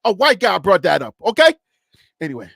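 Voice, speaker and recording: A high-pitched man from Africa runs the panel on a remote call. He sounds animated, laughs easily and steers the chat. His voice is dry and close, with no room around it. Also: brisk, vocal fry, no echo. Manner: animated, laughs often, cuts in. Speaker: host.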